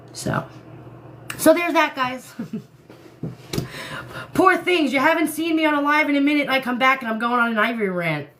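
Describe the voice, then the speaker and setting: A woman's voice: medium pitch, slight background noise. Ranting woman on a casual live stream. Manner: ranting, animated, laughs often.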